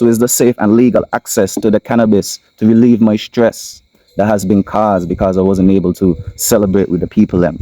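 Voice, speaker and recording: A low, mellow-toned man with a Kittitian accent speaks straight into his camera, in a dry, close recording. He talks as the host of his own channel, pressing his points with repetition and slow, weighty stress. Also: dry recording, poor audio. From Saint Kitts. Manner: emphatic, repeats lines, slows for stress. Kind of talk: impassioned solo commentary. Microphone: camera mic.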